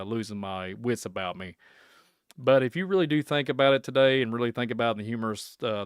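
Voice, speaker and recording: Man, podcast host, rambling rant, excitable, frequent chuckles, smooth resonant voice, dry close sound. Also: medium pitch, no echo. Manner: rambling and excitable, chuckling often, trails off into muttering.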